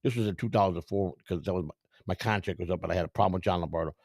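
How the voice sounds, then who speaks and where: A man's voice: low-pitched, rapid-fire, slightly rough, dry recording. A middle-aged man telling rowdy, profane stories in a casual way and acting out what other people said. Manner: profane, animated, acts out quotes. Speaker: storyteller, former clubhouse worker. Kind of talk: casual storytelling.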